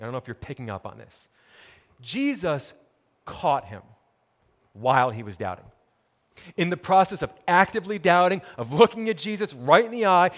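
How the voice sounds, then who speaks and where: Pastor guy preaching, emphatic and repetitive, kinda high voice, big echoey church hall. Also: a bit bright. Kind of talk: sermon.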